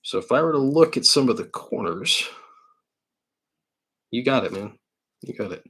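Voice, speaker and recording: With a medium-pitched, fairly bright voice that carries a breathy edge, a New York man animatedly hosts a live card break at normal speed. He chats casually and thinks aloud as he opens packs in an indoor studio.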